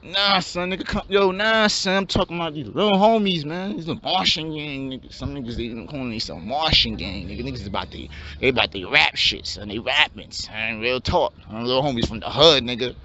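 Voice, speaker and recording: A man's voice: medium pitch, brisk, bright, forceful tone, natural voice. A man voicing a laid-back young male dreamer in a comedy skit, drawling slang in a mumble. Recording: dull lo-fi, faint hum.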